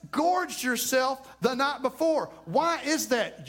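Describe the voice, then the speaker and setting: A man preaching a sermon from the pulpit, with a high voice for a man. He presses his points by repeating them and slips into little acted quotes of what people say. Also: big pitch swings, takes it slowly, hardly any pauses, fairly bright tone. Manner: emphatic preacher who repeats key phrases and acts out quotes. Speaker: pastor. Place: church.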